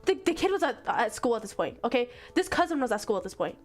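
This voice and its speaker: A young woman streamer retelling a story in casual chat, exasperated, animated and swearing freely. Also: fairly high pitch, fast talker, faint music behind.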